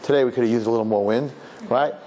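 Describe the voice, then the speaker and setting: A male rabbi giving a lively, humorous sermon full of rhetorical questions and Hebrew and Yiddish terms. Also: mid-range voice, very fast, a little hiss or hum.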